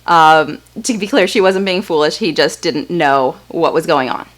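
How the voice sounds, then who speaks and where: A woman's voice: low voice, normal speed. A woman from Texas hosting an upbeat, story-driven lesson on writing. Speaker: host. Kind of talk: explanatory video lesson.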